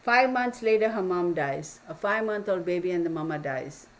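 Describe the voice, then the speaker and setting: A woman's voice: fairly low pitch, lively intonation, moderate pace, low-quality recording. A woman hosting a tarot channel, chatting casually and opinionatedly with her viewers, often calling them y'all. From Texas. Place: home room with open window. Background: neighbor's dog barking.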